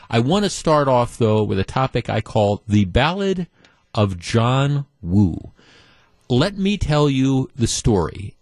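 A man's voice: on the low side, a little mellow, dry recording. A middle-aged man hosting a talk radio show, telling a story in a conversational, sardonic way with frequent restarts.

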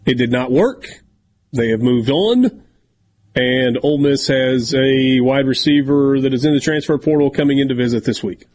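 A man's voice: mid-range voice, moderate pace, a little mellow, slight background noise. A man hosting a sports talk radio show, chatting casually and reading sponsor copy. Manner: talkative, leads the segments.

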